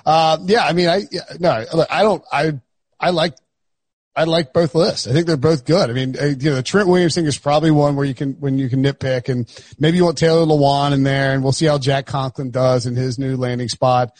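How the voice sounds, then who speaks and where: A man hosting a sports podcast, chatting loosely and joking as he goes. His voice sits a little high and has a husky edge. The sound is dry and close, with no room echo. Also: fairly even intonation, fairly quick, darkish tone. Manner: rambling and joking, with many fillers and restarts. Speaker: podcast host. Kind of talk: casual chat.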